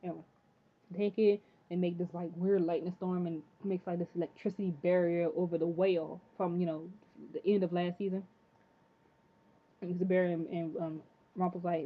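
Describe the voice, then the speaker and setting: A woman giving an excitable, casual recap of a TV episode. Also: on the low side, brisk. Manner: chatty, excitable, says "freaking" often. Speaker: TV episode reviewer. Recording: tinny phone-like audio.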